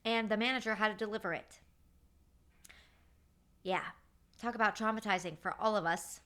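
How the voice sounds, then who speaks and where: A woman's voice: medium pitch, moderate pace. A woman in her thirties hosting a podcast, telling work stories in a casual, chatty way with lots of fillers and quoted dialogue. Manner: animated retelling with acted-out quotes. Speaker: podcast host. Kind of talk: casual storytelling monologue.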